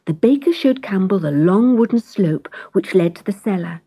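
A woman reading a children's storybook aloud, gentle and expressive, often dropping into a whisper. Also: medium pitch, moderate pace, husky, dry recording.

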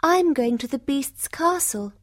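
A woman voicing a brave, kind young woman in a storybook reading, earnest and gentle. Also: high-pitched, animated, unhurried, pitched above the performer's own voice. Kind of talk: storybook character voice.

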